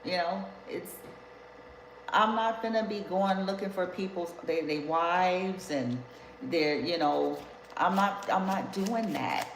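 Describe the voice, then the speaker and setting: A woman's voice: lowish voice, takes it slowly. Blunt, profane woman reading tarot. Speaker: tarot reader. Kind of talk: casual tarot reading monologue. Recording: echoey room with background noise.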